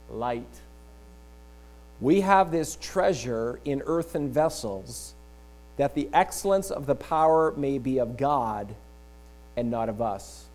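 A middle-aged man, a pastor preaching a sermon, telling a funny story with frequent laughs. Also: mid-range voice. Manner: animated storyteller, often laughing.

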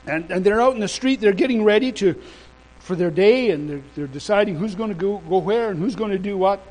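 High-voiced male preacher. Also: brisk, rough recording. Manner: animated storytelling, emphatic. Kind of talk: sermon.

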